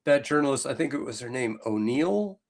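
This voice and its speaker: A man's voice: medium pitch, lively intonation, brisk. A man co-hosting a podcast in casual chat, rambling and full of fillers, with a Southern US accent. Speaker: podcast co-host.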